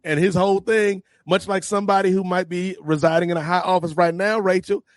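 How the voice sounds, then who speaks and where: A podcast co-host with a higher-pitched voice talks fairly quickly in a casual review chat, growing animated and quoting lines from the show as he retells it. The audio is dry and close, with no room sound.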